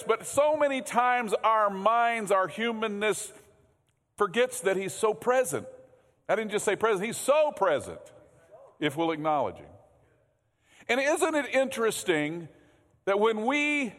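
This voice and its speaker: High-voiced pastor in a reverberant church. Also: male voice, a bit bright. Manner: conversational, repeats words, asks the congregation questions. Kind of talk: sermon. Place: church sanctuary. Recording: long hall reverb.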